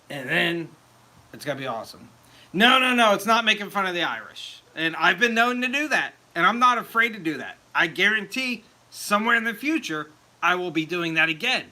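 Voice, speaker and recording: Broadcasting live from his home meadery, a chatty man who makes mead chats casually with his audience. He sounds bright and a bit tense, pitched slightly high, and he reads viewers' comments out loud while laughing at his own jokes.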